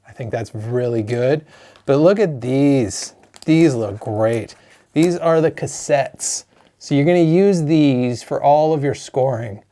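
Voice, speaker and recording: A man, a board game designer chatting excitedly through an unboxing of his own game, openly emotional. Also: medium pitch, slow. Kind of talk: unboxing vlog.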